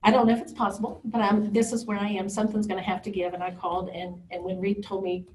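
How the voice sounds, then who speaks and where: A woman speaks candidly and emotionally, telling her own story with vivid, dramatic asides. Her voice sits in an ordinary middle pitch. She is recorded from some distance from the microphone, with a faint hiss underneath. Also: little pitch movement, quick pace, a little mellow. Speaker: parent sharing a recovery story. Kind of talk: personal testimony talk. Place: event talk room. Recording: distant mic with faint background noise.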